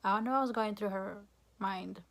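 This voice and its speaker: A woman's voice: mid-range voice, normal speed, creaky. Rambling young woman vlogger. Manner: rambling, frustrated, frequent "like" and swearing. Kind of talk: casual rant to camera.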